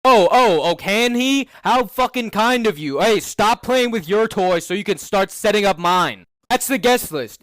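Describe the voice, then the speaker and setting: A man ranting sarcastically over cartoon clips, swearing a lot and getting loud. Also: sits high, normal speed, few pauses, no room sound. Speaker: comedy commentator. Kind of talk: profane ranting commentary.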